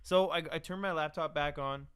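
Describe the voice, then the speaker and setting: A man's voice: fairly high pitch, steady tone, fairly quick, smooth. A man hosting a podcast, telling stories in casual chat, swearing often and acting out quotes. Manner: swears a lot, acts out quotes. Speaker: podcast host.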